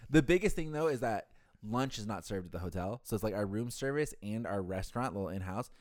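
Fast, lively young man telling stories. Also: on the low side, dry recording, clean studio sound. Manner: animated storyteller, acts out callers in quoted voices, swears casually. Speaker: hotel front desk worker. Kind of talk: casual chat.

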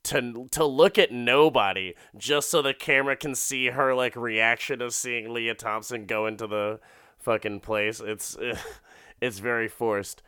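A man's voice: mid-range voice, steady tone, unhurried, sharp tone, smooth, dry recording, studio quality. A man casually retelling a movie plot in a profane, rambling way, often laughing. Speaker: film recapper.

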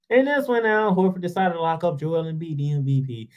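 A man's voice: high-pitched, very animated, brisk, darkish tone, rough recording. A man hosting a sports show, delivering a heated, sarcastic basketball rant full of rhetorical questions in informal, slangy speech.

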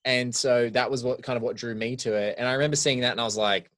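Rambling male podcast co-host, mid-pitched. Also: quick pace. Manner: rambling, animated, heavy use of "like". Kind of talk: casual film podcast chat.

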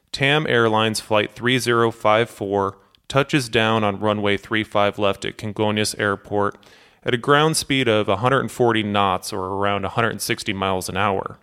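A man narrating a true aviation disaster story in a steady, measured scripted style. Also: fairly low pitch, smooth. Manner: steady, measured storytelling that acts out cockpit quotes.

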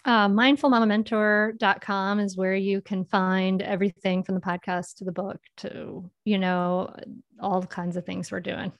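A woman speaking as a guest in a casual podcast interview, earnest and reflective, often pausing to find her words. Her voice sits at an ordinary pitch. The recording is dry, with no room sound. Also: level tone, dry recording, muffled recording. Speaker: podcast guest, mindful parenting author.

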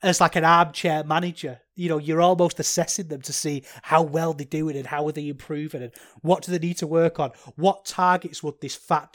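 A man's voice: fairly high pitch, fairly even intonation, normal speed, a bit bright. A man hosting a podcast, talking through a wrestling review in a rambling, chatty, self-deprecating way. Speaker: podcast host. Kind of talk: solo podcast commentary.

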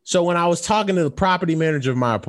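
A man co-hosting a podcast, telling stories in casual banter and often breaking into high squeals and laughs. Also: rapid-fire. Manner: animated storyteller, jumps into high squeals and laughs. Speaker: podcast co-host.

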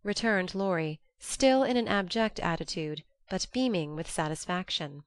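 A woman narrating an audiobook in a measured, gently earnest way. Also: lowish voice, lively intonation, clean tone, no echo. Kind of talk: audiobook reading.

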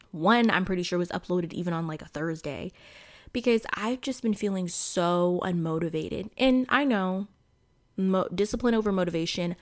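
A woman hosting her own podcast in casual solo chat, talking to listeners with a Midwestern accent touched by a Southern country twang, chatty and full of fillers. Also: medium pitch. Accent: Midwestern with a little Southern country twang. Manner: chatty, addresses listeners as y'all, many fillers. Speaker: podcast host.

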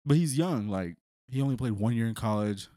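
A man's voice: medium pitch, animated, brisk, dark tone, dry recording, clean studio sound. A man co-hosting a sports podcast in casual chat, rambling and often saying "like". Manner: rambling, many "like" fillers. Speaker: podcast co-host.

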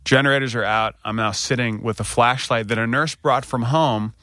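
A man in his thirties with an American accent, co-hosting a podcast and telling a personal story candidly, getting animated when he quotes people. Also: medium pitch, moderate pace, dry recording, studio quality. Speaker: podcast co-host. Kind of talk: casual storytelling chat.

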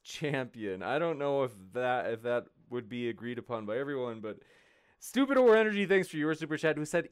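Young man, livestream moderator, slightly high voice, keeps laughing, loose casual chat. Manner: giggly, scattered, laughing between lines. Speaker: debate moderator and livestream host. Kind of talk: casual livestream chat, reading super chats.

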